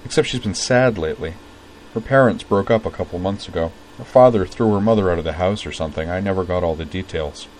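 A man's voice: sits low, fast talker, a little mellow, slight background noise, close to an everyday voice, rough recording. A man voicing a grieving teenage boy whose speech breaks with tears and sobs. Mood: subdued.

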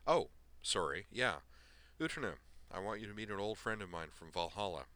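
A cheerful young pilot who talks casually and easily, as a man reads him. The voice is low and bright with a forceful edge. It is storybook reading rather than full acting. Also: lively intonation, moderate pace, no room sound, full character voice.

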